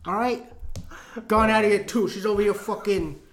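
A man's voice: high-pitched, steady tone, normal speed, fairly bright tone. A man doing a cursing, swaggering mob boss. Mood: scheming. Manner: gruff, cursing constantly.

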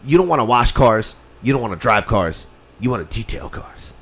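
A man's voice: mid-range voice, big pitch swings, normal speed. A man telling a long story in casual chat, swearing constantly and acting out the people in it. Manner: profane storytelling, mimics others' voices.

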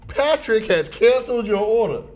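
Animated man telling a story. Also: moderate pace. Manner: animated, jumps into high voices for quoted people. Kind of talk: casual storytelling chat.

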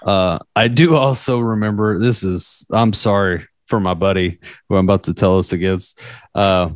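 A man's voice: sits low, steady tone, moderate pace, no echo, studio quality. A young man in his twenties telling a story in casual podcast chat, rambling and profane with lots of fillers.

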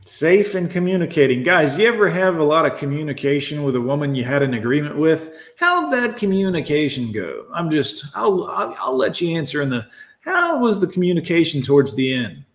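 Sarcastic ranting streamer in an echoey room. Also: male voice, fairly high pitch, very animated, brisk. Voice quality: sarcastic, profane, mocking. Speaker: livestream host reacting to posts. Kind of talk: ranting live commentary.

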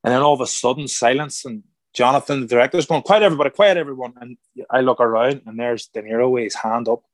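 Guy telling a story on an interview, lively, does the voices of people he quotes, dry close sound. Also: mid-range voice, fast, no echo. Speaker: guest, former boxer turned actor.

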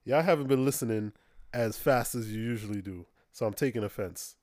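A man's voice: mid-range voice, fairly quick, a little mellow, no echo. Chill guy cohosting a podcast, laughs a lot, dry close mic, mid voice. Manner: laid-back, laughs a lot, swears casually. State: injured foot, immobile. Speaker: podcast co-host. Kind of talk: casual chat.

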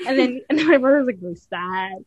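A woman's voice: high-pitched, quick pace, muffled recording, a crowd in the background. A young woman co-hosting a podcast, telling family stories in casual chat with frequent laughter. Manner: laughing storyteller, animated retelling. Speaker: podcast co-host.

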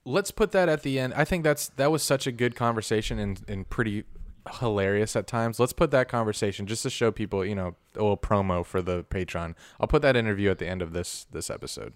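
A man co-hosting a podcast, talking in a relaxed, rambling way full of slang. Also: lowish voice, fairly quick, no echo. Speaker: podcast co-host. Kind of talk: casual podcast chat.

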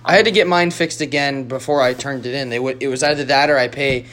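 A man's voice: mid-range voice, fast talker, a bit bright. A teenage boy in casual chat, joking around and retelling stories about friends. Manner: joking, mimics friends in quotes.

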